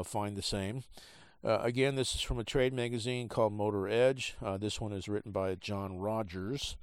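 On his podcast, a man whose voice sits on the low side reads a trade article aloud in a halting, filler-heavy, casual way. He has the hiccups, and there's no echo.

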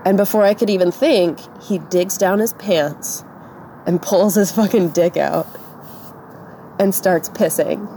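Woman co-host, casual storyteller with a gravelly voice, faint hiss behind. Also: fairly low pitch, measured pace, dark tone. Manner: tearful and shaken, voice breaking; casual, lots of "like". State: crying. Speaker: podcast co-host. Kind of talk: personal storytelling.

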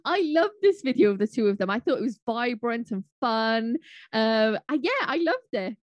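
A woman's voice: a little high, animated, normal speed, no echo, dull audio. Gushing woman, chatty co-host. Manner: chatty, gushing, with laughs and fillers. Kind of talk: casual chat.

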